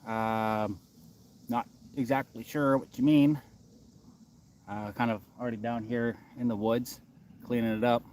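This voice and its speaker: A man casually chatting on a live stream from outdoors in the woods, reading chat and speaking in a relaxed way with many filler uhs. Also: medium pitch, measured pace, pauses often, a little hiss or hum.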